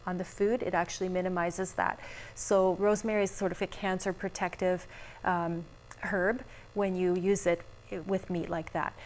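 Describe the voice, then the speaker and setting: A woman doctor giving calm, practical health advice in a casual TV chat, laughing easily. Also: on the low side, a little hiss or hum. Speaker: physician guest. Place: TV studio.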